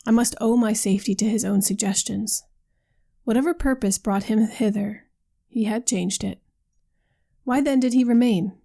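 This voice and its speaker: A woman reads a classic novel aloud for a podcast, steady and formal. Her voice is husky and gravelly, with a dark, mellow tone. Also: medium pitch. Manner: measured, formal delivery. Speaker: podcast reader. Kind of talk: audiobook reading of a classic novel.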